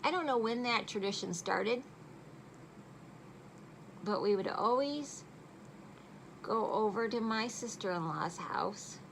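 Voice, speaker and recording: A woman's voice: medium pitch, lively intonation, slow pace, vocal fry, pauses often, a little hiss or hum, rough recording. A middle-aged woman chatting casually through a makeup tutorial at home at night, joking at her own expense. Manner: chatty and self-deprecating. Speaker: makeup vlogger.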